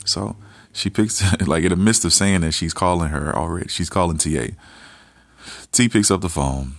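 A man's voice: deep voice, moderate pace, gravelly, dry recording. A man hosting a couple's channel, telling a personal story in a laid-back, rambling way, full of "you know" and "like". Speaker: host.

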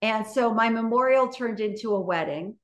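A woman's voice: on the high side, normal speed, a bit bright. A woman, a guest on an interview show, telling a story in a chatty, casual way full of "you know" and "like".

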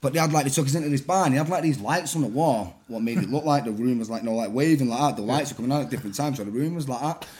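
A man in his thirties with a Manchester accent, telling rowdy stories on a podcast, animated and laughing as he acts out voices. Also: medium pitch, very fast, hardly any pauses. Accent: Mancunian. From Manchester, England. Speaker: podcast guest, rapper. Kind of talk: casual storytelling chat.

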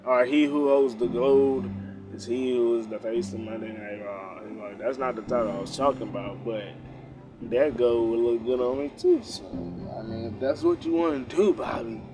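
A man's voice: mid-range voice, fairly even intonation, moderate pace, over music. A young man recapping a wrestling show in loose, slangy, profanity-heavy casual talk. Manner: slangy, loose storytelling, frequent cursing.

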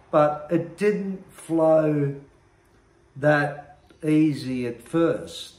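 A man earnestly sharing his own recovery story, reflective and often pausing to search for words. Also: on the high side, a little mellow. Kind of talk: personal testimony monologue. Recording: roomy echo.

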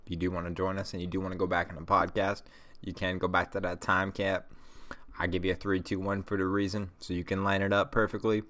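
A man with a deep, low voice hosts a casual podcast, reacting to a film as it plays. He swears freely and talks loosely and chattily to his listeners. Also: level tone, quick pace, fairly bright tone. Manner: laid-back, profane, chatty. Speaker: podcast host. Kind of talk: casual movie watch-along commentary.

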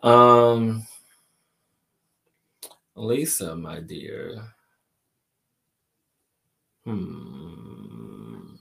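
A man with a very deep voice hosts a spiritual live stream and answers viewer questions one by one. He talks slowly and deliberately and piles up repeated phrases to stress a point. He speaks to listeners warmly as "my friend" and "my dear.". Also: steady tone.

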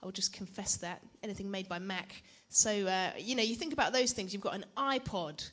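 A woman's voice: medium pitch, brisk, fairly bright tone. A young woman preaching to a church gathering in a chatty, self-deprecating way, often asking the audience questions. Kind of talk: conference teaching talk.

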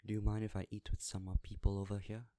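A blunt, suspicious rich husband with a scornful edge, read by a male narrator. The voice is low and dry, right up on the mic. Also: level tone, quick pace, dark tone, no room sound, natural voice.

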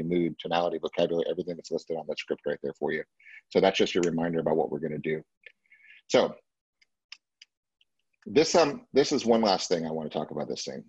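A man's voice: very deep voice, breathy edge, highs cut off. A man training a sales team, talking emphatically and casually and often checking in with the group. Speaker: real estate sales trainer. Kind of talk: live sales training session.

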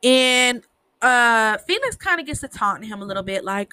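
Chatty, blunt woman with a higher voice. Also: expressive, normal speed, pushed and bright, dry recording. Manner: chatty and blunt, swears freely, trips over words. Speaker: show recapper. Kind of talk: casual TV episode recap.

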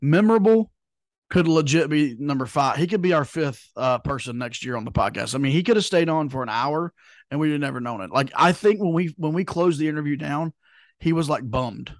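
A man's voice: on the high side, expressive, fairly quick, dry recording, clean studio sound. A young man co-hosting a sports podcast, chatting casually with plenty of fillers and rambling asides. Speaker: podcast co-host. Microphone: podcast mic.

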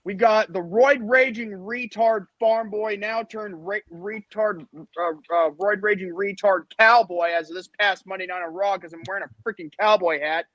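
A man's voice: high-pitched, steady tone, normal speed, fairly bright tone, no room sound, dull audio. A man hosting a podcast panel chat, ranting heatedly and repeating himself. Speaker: podcast host.

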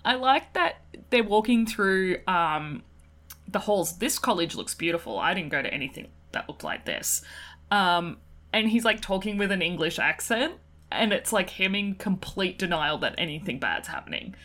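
A woman's voice: on the low side, big pitch swings, normal speed, a bit bright. A woman co-hosting a podcast, chatting enthusiastically about films and laughing often. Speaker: podcast co-host. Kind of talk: casual film discussion.

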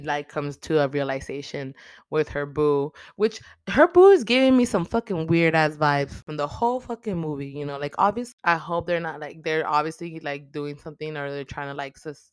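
Young woman, low smooth voice, dry close mic, casual foul-mouthed recap. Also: dry recording. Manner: animated, heavy swearing, acts out characters' lines. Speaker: podcast host recapping a movie. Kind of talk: casual profane movie recap.

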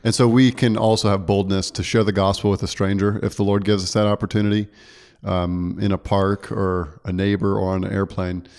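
A low-voiced man who preaches, chatting casually about his last sermon. He talks earnestly, circles back to correct himself and laughs easily along the way. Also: a little mellow. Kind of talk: casual church podcast chat.

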